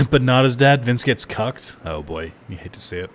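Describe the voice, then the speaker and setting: A man streaming a game, joking, swearing and tossing off quick asides. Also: medium pitch, lively intonation. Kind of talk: casual gameplay commentary.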